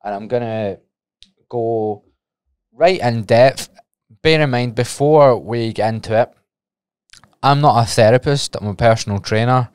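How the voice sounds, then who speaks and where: A man's voice: mid-range voice, unhurried, long pauses, clean tone, no room sound, studio quality. A Scottish man hosting a solo podcast, talking casually and rambling off on tangents, with the odd swear. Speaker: podcast host and personal trainer.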